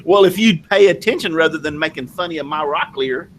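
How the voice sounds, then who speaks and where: A man's voice: on the high side, brisk, a bit bright, a little hiss or hum, rough recording. A man raised in the South, hosting a casual live video chat, rambling with lots of fillers. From American South. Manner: rambling, chatty, many fillers. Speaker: live show host.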